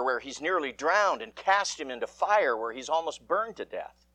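Lively, slow-paced male preacher. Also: fairly high pitch, dry recording. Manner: measured, lively preaching with dramatic emphasis. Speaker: pastor. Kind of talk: gospel reading and sermon. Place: church.

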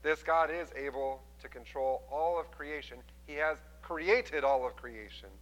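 A man preaching a sermon, retelling a scripture story with lively voices for the people in it. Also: fairly high pitch, measured pace, long reverb tail, low-quality recording. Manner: animated storytelling, acting out quoted voices. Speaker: pastor.

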